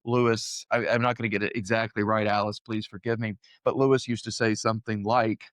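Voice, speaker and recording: A man's voice: fairly low pitch, flat delivery, brisk, a bit bright, no echo, clean studio sound. A young man co-hosting a conversational Bible study podcast, speaking in an earnest, thoughtful way and laughing easily. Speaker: podcast co-host.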